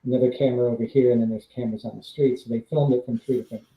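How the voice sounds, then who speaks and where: On a live stream, a man who once worked as a stunt double rambles through casual stories, dropping fillers and laughing between lines. His medium-pitched voice stays fairly even in intonation while he races along. The audio sounds roomy, with the high end cut off.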